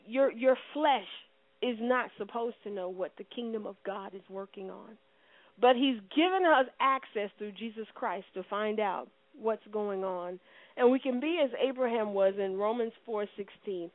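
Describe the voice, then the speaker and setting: A woman's voice: on the high side, dry recording. Impassioned woman preaching over a tinny line. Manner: impassioned, swinging from loud to hushed. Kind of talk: sermon.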